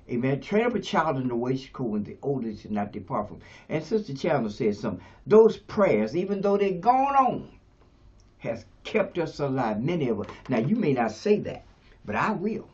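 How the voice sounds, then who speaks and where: A man in his seventies preaching a sermon as pastor, shifting between quiet talk and shouts. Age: 70s. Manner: preaching, swings from low to shouting. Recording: dull lo-fi radio sound.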